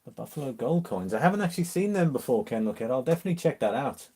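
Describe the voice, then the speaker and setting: A man's voice: mid-range voice, racing, slightly rough. Chatty English man hosting a live stream. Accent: mixed English, mildly Liverpool. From Liverpool, England. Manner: chatty, relaxed, reads out viewer comments with easy laughs. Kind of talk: casual live-stream chat.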